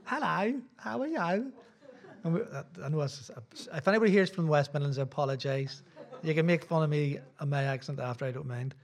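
A man's voice: a little high, quick pace, hardly any pauses, darkish tone. A middle-aged Irish man, a visiting preacher, giving a sermon in a church with rambling, self-deprecating asides. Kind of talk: sermon with casual chat.

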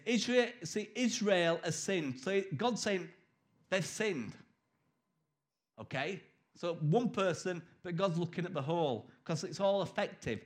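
A man's voice: high-pitched, lively intonation, a little slow. A man preaching a sermon in a conversational, emphatic way, acting out quoted voices.

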